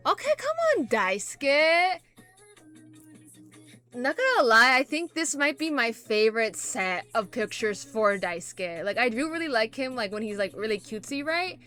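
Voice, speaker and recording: A woman reacting casually to photos, rambling and full of fillers, gushing with excitement. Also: on the high side, normal speed, few pauses, faint music behind. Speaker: K-pop reaction vlogger.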